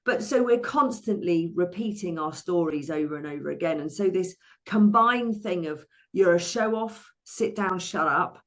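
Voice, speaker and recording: Her voice is on the low side, her speed normal, and she pauses only a few times. An English therapist and money coach in her sixties, she shares her life story as a guest in an interview, energetically restarting her sentences and acting out quotes for fun.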